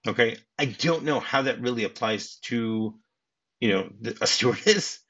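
A man's voice: mid-range voice, normal speed, a bit bright. A man hosting a podcast, discussing a film in a casual way, chuckling often and restarting his sentences. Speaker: podcast host. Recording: dull lo-fi audio.

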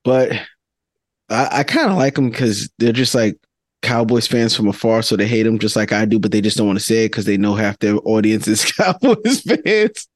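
A man's voice: lowish voice, lively intonation, normal speed, no echo, clean studio sound. A man co-hosting a casual sports podcast, chatty and laughing as he talks. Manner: chatty, laughs while talking. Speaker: podcast co-host.

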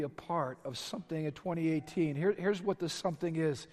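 A man's voice: a little high, brisk, few pauses, a little mellow. A man preaching a sermon as pastor, with impassioned, emphatic repetition. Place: large church sanctuary. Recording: long reverb of a large hall.

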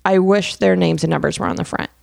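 A woman's voice: lowish voice, steady tone, fast, vocal fry, dry recording, studio quality. A woman co-hosting a podcast, chatting casually and animatedly about a basketball game she watched, laughing often. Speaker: podcast co-host.

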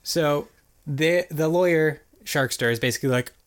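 A man with a somewhat high voice speaks at a moderate pace as he co-hosts a podcast. He recaps a cartoon episode in loose, rambling chat, leaning heavily on fillers like "like" and "basically."

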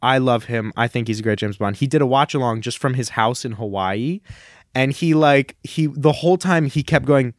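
Male co-host, chatty and eager, mid-pitched voice, dry close sound. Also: moderate pace, no room sound. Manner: enthusiastic, rambling storyteller. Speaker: podcast co-host. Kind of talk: casual chat.

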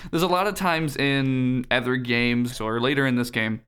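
A man's voice: medium pitch, fairly even intonation, normal speed, fairly bright tone, smooth. A man co-hosting a casual podcast, recapping a game playfully with swearing and lots of ums. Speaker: podcast co-host. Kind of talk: casual chat.

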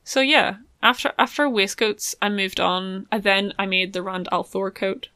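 Bright-voiced young woman rambling casually. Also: mid-range voice, steady tone, normal speed, dry recording, studio quality. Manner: rambling, many ums and likes. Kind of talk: casual chat.

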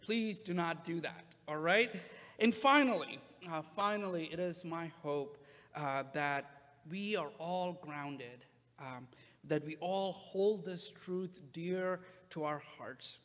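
A male pastor preaching a sermon in a relaxed, conversational way, with frequent "uh" fillers. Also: a little high, slow pace, big-room sound.

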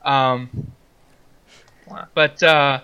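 A man's voice: medium pitch, fairly even intonation, extremely slow, clear, resonant tone, muffled recording. A man co-hosting a podcast in casual chat, hesitant, with many fillers and restarts. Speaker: podcast co-host.

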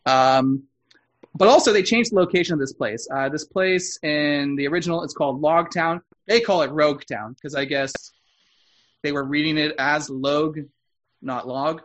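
A man with a slightly higher voice talks casually on a podcast, explaining background details like a knowledgeable fan. He often pauses to correct himself or add a point he missed. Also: lo-fi sound. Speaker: podcast co-host. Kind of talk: casual chat.

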